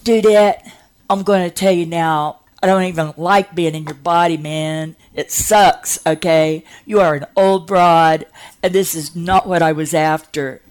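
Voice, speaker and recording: A cocky sixteen-year-old boy tossing out surfer slang, as a woman puts him on. He sounds rude and teasing, in a low voice that moves slowly. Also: fairly even intonation, darkish tone, clean tone, lightly acted.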